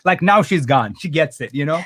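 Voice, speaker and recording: A man hosting a casual live video call with students, talking fast and animated with many fillers. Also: on the high side. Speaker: host and course instructor. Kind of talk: casual livestream chat.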